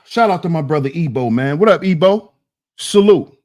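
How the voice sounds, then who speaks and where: A man's voice: a little high, animated, normal speed, darkish tone. A man hosting a reaction stream, indignantly picking apart a debate clip and firing rhetorical questions at his chat. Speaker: commentary channel host.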